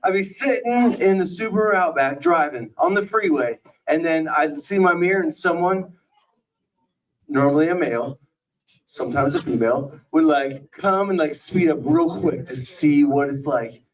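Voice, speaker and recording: A man's voice: fairly high pitch, moderate pace, recorded from a distance, low-quality recording. A man pulled up from the audience, telling a short joke in an offhand, reluctant way. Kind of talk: short stand-up bit.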